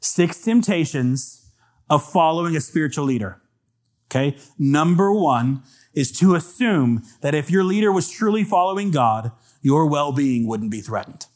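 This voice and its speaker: A man's voice: fairly high pitch, animated, normal speed, darkish tone. A man preaching a sermon to a congregation, earnestly reading scripture aloud and calling for amens. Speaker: pastor. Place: church with congregation.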